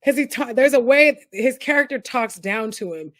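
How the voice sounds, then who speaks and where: A woman's voice: on the high side, lively intonation, normal speed, no room sound. Female co-host, playful and teasing, close dry sound. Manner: playful, laughs often, teasing. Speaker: podcast co-host. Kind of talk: casual chat.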